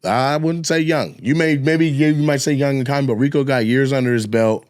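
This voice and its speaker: A man's voice: medium pitch, steady tone, moderate pace, darkish tone, smooth. A man, a comedian and podcast co-host, telling a profane, laugh-filled story and acting out voices and sound effects.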